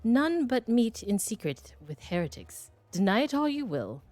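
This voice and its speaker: A woman's voice: on the high side, very animated, normal speed, darkish tone, no echo, faint music behind. A woman reading the lines of a stern, accusing inquisitor, in threatening formal game dialogue.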